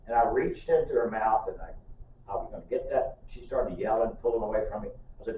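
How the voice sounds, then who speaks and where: A man's voice: medium pitch, animated, fairly quick. Older pastor, man, homespun sermon with jokes; distant mic, heavy church echo, faint room hiss. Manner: folksy storytelling with humor. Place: church sanctuary. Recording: distant, echoey, muffled church recording.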